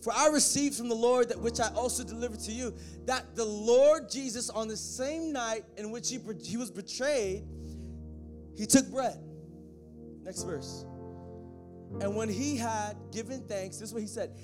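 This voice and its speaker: A man preaching a sermon, joking with the congregation and swelling into shouted, half-sung passages. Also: very high-pitched, unhurried. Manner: joking asides to the band and congregation. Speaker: pastor. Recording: faint music behind.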